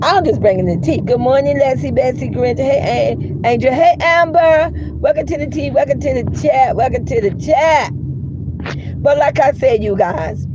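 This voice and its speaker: A woman hosting a casual commentary chat, telling stories in a blunt, profane, animated way. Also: high voice, normal speed, lo-fi sound, noisy background. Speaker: commentary livestream host.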